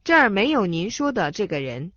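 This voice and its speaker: A woman reading short phrases aloud for a language lesson in a lively, sing-song way. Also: mid-range voice, brisk, dry recording. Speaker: Chinese phrase reader. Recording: dull dry studio sound.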